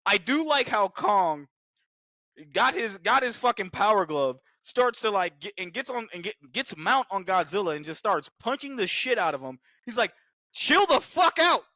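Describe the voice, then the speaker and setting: Animated high-voiced man riffing. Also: moderate pace, no room sound. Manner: animated, profane, acts out monster dialogue in silly voices. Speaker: podcast co-host. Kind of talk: casual movie review chat.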